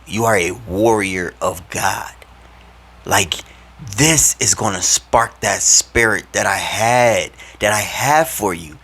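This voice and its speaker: A man's voice: fairly low pitch, takes it slowly, sharp tone, husky, full character voice. A man voicing God as a casual, teasing father figure who talks slang and calls him bro. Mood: amused, teasing.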